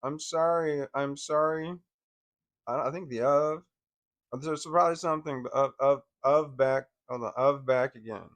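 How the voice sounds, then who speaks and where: A man's voice: fairly high pitch, a little slow. A man talking casually in a vlog, hesitant and full of restarts. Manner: hesitant, repeats words and restarts often; coos softly at his dog. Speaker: vlogger.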